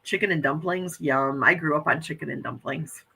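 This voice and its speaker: A woman's voice: deep voice, normal speed, vocal fry, bright, forceful tone, breathy edge, poor audio. A woman in her fifties hosting a casual morning livestream chat, reading out viewer comments and gushing with frequent exclamations. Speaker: livestream host.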